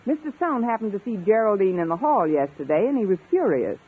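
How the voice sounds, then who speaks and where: An actress playing a quick-witted, wisecracking woman English teacher in a 1950s radio comedy. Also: medium pitch, sing-song, slightly rough. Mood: playful. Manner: wisecracking, playful. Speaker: schoolteacher. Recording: tinny old radio broadcast with studio audience laughter.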